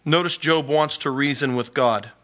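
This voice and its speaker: A male pastor with a bright, forceful voice preaches a sermon. He talks in a relaxed, conversational way and laughs often. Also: mid-range voice, moderate pace. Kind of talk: sermon teaching.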